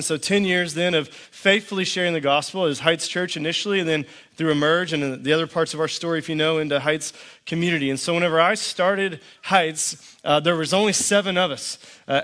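A man's voice: a little high, a bit bright. A middle-aged man, a pastor, preaching a sermon with dry, understated humor and storytelling. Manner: dry storytelling with quoted back-and-forth.

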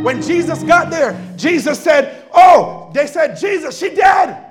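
A man preaching a sermon as pastor in a church, shouting and calling for responses from the congregation. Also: extremely high pitch, animated, unhurried, faint music behind, a faint crowd. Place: church sanctuary.

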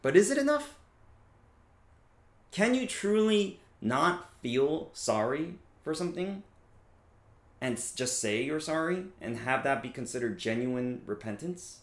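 A man in his thirties preaching a sermon in a relaxed, conversational way, often checking in with his listeners. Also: fairly high pitch, unhurried, echoey room. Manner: conversational, frequent "right?" and fillers. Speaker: pastor.

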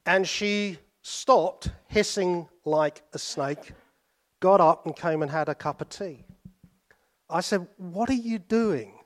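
British man preaching with a storyteller's pauses. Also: fairly high pitch. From Britain. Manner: storytelling, with pauses and sudden drops to soft asides. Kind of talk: sermon.

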